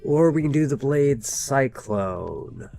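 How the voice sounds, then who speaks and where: A man's voice: medium pitch, animated, takes it slowly, creaky, mellow, faint music behind. Chatty man commentating a game. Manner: thinking aloud with many fillers and restarts. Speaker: gameplay commentator. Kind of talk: casual let's-play commentary.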